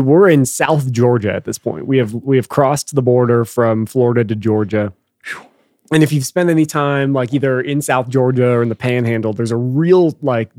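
A man's voice: mid-range voice, moderate pace, darkish tone, no room sound. Easygoing young man, dry close sound. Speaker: podcast co-host. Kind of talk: casual storytelling chat.

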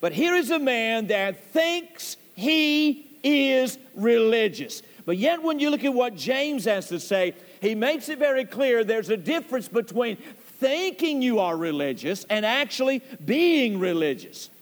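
A man preaching a sermon as pastor, speaking deliberately and stressing key words. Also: very high-pitched, big pitch swings. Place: church sanctuary. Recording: long church hall reverb.

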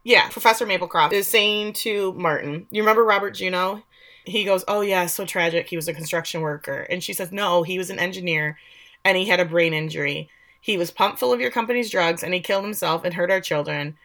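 A woman's voice: on the low side, fairly quick, a bit bright. A woman co-hosting a podcast, casually recapping episodes and quoting the characters with animation. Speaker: podcast co-host.

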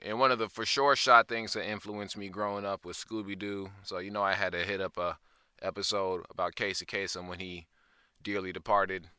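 A man's voice: deep voice, little pitch movement, normal speed, pushed and bright, clean tone, no echo, studio quality. Laid-back, slangy man hosting a podcast. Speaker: podcast host. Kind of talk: casual podcast monologue.

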